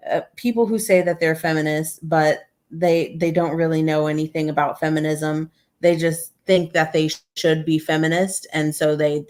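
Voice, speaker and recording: A woman speaking as a guest in a casual discussion, hesitant with many pauses and restarts. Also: lowish voice.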